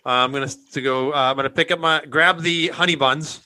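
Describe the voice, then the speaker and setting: A man plays a paladin in a tabletop game with a bright, forceful voice, slightly high. He jokes his way through his turn. The sound is dry and close. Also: fairly even intonation, fast talker, no echo. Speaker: player. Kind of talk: tabletop game play, casual chat.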